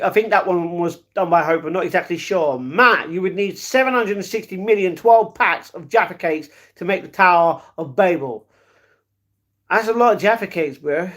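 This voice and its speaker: A young man hosts a live stream, reading out viewer comments and replying in a loose, rambling, affectionate way. His voice is fairly high and a bit bright, and he keeps calling viewers "darling" and "mate."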